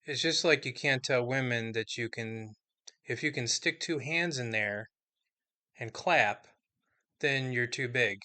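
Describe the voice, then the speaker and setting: A woman's voice: a bass voice, a little slow, pushed and bright. A woman co-hosting a podcast in casual chat, teasing with dry quips. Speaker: podcast co-host.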